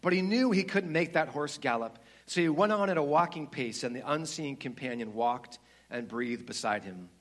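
A man's voice: a little high, lively intonation, moderate pace, fairly bright tone. A male pastor giving a sermon, reading a story aloud and then talking conversationally straight to the congregation.

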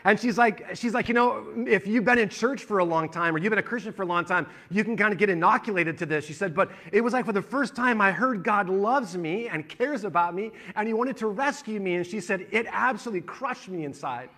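A man's voice: high voice, lively intonation, brisk, hardly any pauses, pushed and bright. A man preaching a sermon, retelling a woman's story and then rousing the congregation. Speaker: pastor.

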